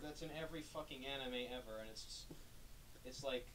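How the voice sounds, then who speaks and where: A man's voice: mid-range voice, brisk, a bit bright. A young man chatting with a friend on a stream, mocking things by mimicking over-the-top voices. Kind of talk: casual chat. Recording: distant mic with faint noise.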